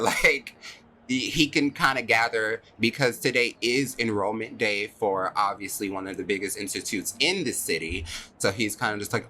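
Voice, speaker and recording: A man's voice: medium pitch, normal speed. A man narrating a tabletop game as game master, chatty and laughing as he tells the scene. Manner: animated, laughing, chatty storytelling.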